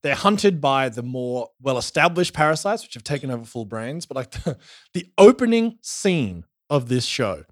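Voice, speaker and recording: A man's voice: medium pitch, moderate pace, dry recording. A man from Australia casually recapping a show as podcast co-host, telling it with energy and swearing. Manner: animated storytelling with swearing.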